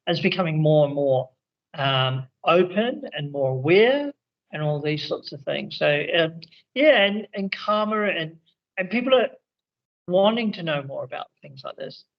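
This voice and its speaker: A man's voice: on the high side, expressive, unhurried, creaky, lo-fi sound. A man on a video call at evening, talking casually and rambling with many restarts about spiritual teaching and regression work. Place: indoors in India, evening.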